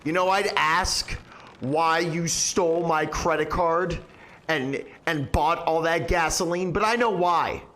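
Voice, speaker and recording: A man's voice: a little high, slow pace, a bit bright. A man streaming an improvised comedy skit, nervous and stammering as he talks to his chat.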